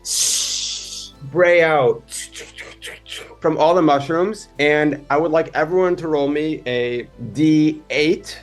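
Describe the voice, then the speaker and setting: Animated man running a tabletop game. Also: a little high, unhurried, few pauses, faint music behind. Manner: animated, laughing, rambling. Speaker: game master. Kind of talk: improvised tabletop game narration.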